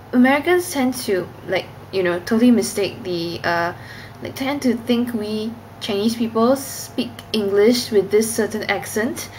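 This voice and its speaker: A woman's voice: mid-range voice, noisy background. Self-conscious giggly young woman vlogger. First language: Cantonese. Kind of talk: casual vlog talk.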